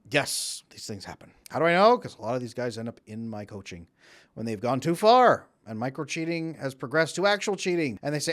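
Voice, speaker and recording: Animated man giving relationship coaching. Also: medium pitch, fairly quick. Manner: animated, acts out quoted voices. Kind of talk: direct-to-camera advice talk.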